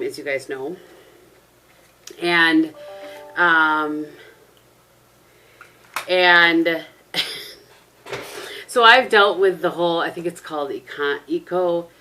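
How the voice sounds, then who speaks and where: Talking to a camera balanced on a tissue box, this middle-aged vlogger rambles through stories at home and laughs a lot. She speaks slowly with frequent pauses, in a low, expressive, sharp-toned voice.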